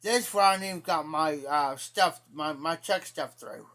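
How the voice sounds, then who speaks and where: A man's voice: fairly high pitch, moderate pace, pushed and bright. A man with an Ohio accent telling a rambling, profane story to his live-stream chat in a casual way. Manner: rambling, profane, repeats himself.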